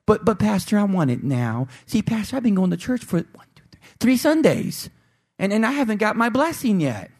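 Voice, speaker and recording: A man's voice: high voice, big pitch swings, moderate pace, a little mellow, pitched above the performer's own voice, exaggerated voice. A man preaching imitates an impatient churchgoer who stammers as he complains to his pastor. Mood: whiny. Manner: stammering, pleading. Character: impatient, whiny churchgoer wanting blessings now.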